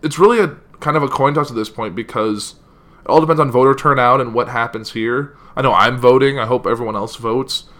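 A man's voice: medium pitch, fairly quick, a bit bright. A young man reading a news article aloud and giving casual opinions, with many "like" fillers. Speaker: political commentary vlogger.

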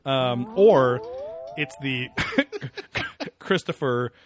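A man's voice: medium pitch, sing-song, very slow. Sarcastic rambling podcast man. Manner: rambling, sarcastic, laughs often. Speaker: podcast co-host. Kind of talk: casual chat.

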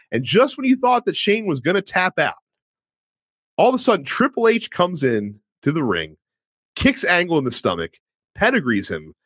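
A man casually recapping a wrestling show with a friend, telling it with animated energy and acting out the wrestlers' lines. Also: mid-range voice, no room sound, studio quality. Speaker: podcast co-host.

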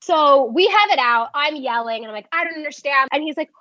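High-voiced woman telling a lively story. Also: brisk, no echo, lo-fi sound. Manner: animated, acts out quotes, many "like"s. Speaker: guest telling a dating story. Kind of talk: casual storytelling.

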